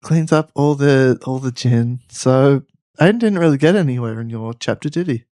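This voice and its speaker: A man co-hosting a comedy podcast, chiming in with teasing quick interjections. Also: mid-range voice, mellow, dry recording, studio quality. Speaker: podcast co-host. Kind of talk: casual comic banter.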